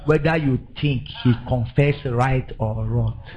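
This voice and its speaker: A man's voice: medium pitch, a little slow, low-quality recording. An older man with a Nigerian accent preaching a sermon, telling stories with laughter and building to emphatic declarations. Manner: animated storytelling, laughing, rising to emphatic declarations. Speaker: pastor.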